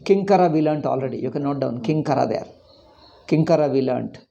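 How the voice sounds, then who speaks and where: In an informal Sanskrit lecture, a man with an Indian English accent rants emphatically, then works through the meanings of words one at a time. He speaks fairly quickly in a mid-range, creaky, mellow voice, and the audio is dull.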